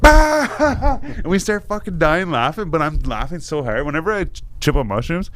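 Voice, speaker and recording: A man hosting a podcast, telling a wild story in a casual, animated way with lots of swearing and laughter. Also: on the high side, brisk. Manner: animated, laughing, swears a lot, acts out voices. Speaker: podcast host.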